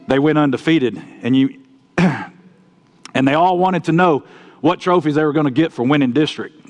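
A man preaching a sermon, telling folksy stories and swinging between loud outbursts and quiet asides. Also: medium pitch. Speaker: pastor.

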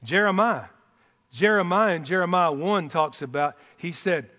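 A man preaching a sermon in a folksy, excitable way, breaking into whoops and joking asides. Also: high voice, normal speed. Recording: dull sound in a reverberant hall.

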